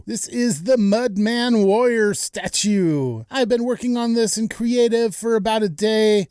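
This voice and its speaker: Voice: medium pitch, a little mellow, no room sound, clean studio sound. A Minecraft creator narrating a gameplay tour and walking through builds step by step in a voice-over.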